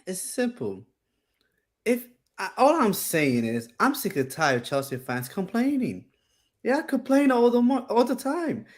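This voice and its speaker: A man's voice: very high voice, sing-song, unhurried. Rambling young man complaining. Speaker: co-host. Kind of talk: casual chat.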